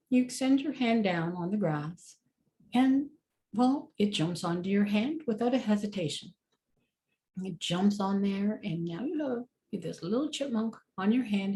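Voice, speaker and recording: A woman's voice: mid-range voice, a little mellow. A woman leading a guided meditation in a casual, chatty way with many fillers.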